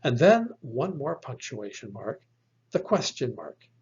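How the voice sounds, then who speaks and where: A man walks through a slide lesson at an unhurried pace, patient and a little halting with his fillers. His voice is gravelly and husky. The recording sounds dull and lo-fi. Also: mid-range voice, very animated, darkish tone. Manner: slow, patient explaining with fillers. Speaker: Bible language teacher. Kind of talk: slide lecture.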